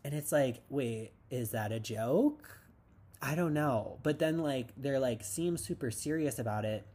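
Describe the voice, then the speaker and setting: A man's voice: mid-range voice, a little slow, dark tone. A man hosting a casual TV recap podcast, rambling and sarcastic with lots of "like". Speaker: podcast host.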